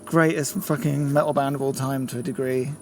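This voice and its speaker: A man's voice: mid-range voice, level tone, fairly quick, a little hiss or hum. An English man in a band, telling a drunk, laughing story in a car park outdoors. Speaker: band member.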